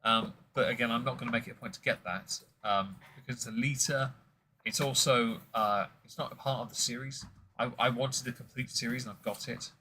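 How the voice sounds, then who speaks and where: A man's voice: mid-range voice, steady tone, brisk, pushed and bright, a little hiss or hum, low-quality recording. Rambling man hosting a stream. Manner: rambling, jokey, many fillers. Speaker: whisky stream host. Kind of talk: casual tasting chat.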